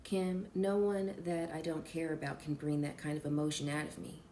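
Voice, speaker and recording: A volatile, self-pitying man on the phone, as a woman reader puts him on, pleading one moment and defensive the next. He talks with guarded, coaxing insistence and flares into shouting. The voice sits low and even. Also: normal speed, reverberant, slight background noise, close to an everyday voice.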